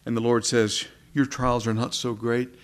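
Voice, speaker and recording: Male preacher, mid-range voice, earnest, conversational sermon style, soft moments then emphatic ones. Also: mid-range voice, little pitch movement, normal speed, clean tone. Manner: conversational, asks the congregation questions.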